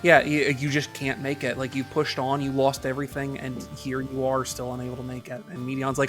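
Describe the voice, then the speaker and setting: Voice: medium pitch, completely flat delivery, brisk, few pauses, a bit bright, soft background music. A podcast co-host in casual chat, retelling a game's story with profanity and acting out characters' lines in put-on voices.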